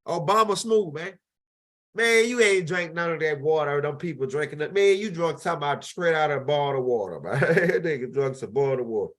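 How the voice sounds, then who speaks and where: A man hosts his own show and talks over video clips in a loose, animated way. His voice sits fairly high, and he rambles, restarting his sentences again and again. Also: moderate pace. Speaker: host.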